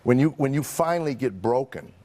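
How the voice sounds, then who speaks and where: A middle-aged comedian, a guest in an interview, tells candid personal stories wryly and self-deprecatingly, acting out the people in them. His medium-pitched voice is fairly quick, lively in intonation and a little mellow.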